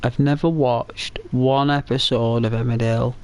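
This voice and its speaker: A man's voice: mid-range voice, steady tone, moderate pace, darkish tone. A man casually chatting while playing a game, rambling and hesitant, full of fillers and restarts. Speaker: gaming channel host.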